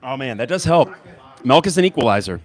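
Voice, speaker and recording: A man's voice: mid-range voice, brisk. A man hosting a podcast, giving casual live play-by-play of a basketball game while suffering through hot sauces. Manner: animated, pained and laughing from hot sauce. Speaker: podcast host.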